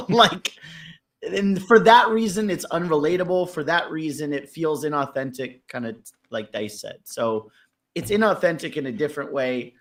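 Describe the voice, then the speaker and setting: At a normal speed and with a voice on the high side, this panelist is blunt about a rap verse, cursing and laughing through his critique in relaxed review talk.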